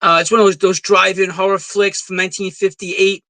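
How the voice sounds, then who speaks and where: A man co-hosting a podcast, chatting about old films with enthusiasm and lots of halting fillers. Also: high-pitched, level tone, sharp tone, no echo, rough recording. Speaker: podcast co-host. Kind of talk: casual film chat.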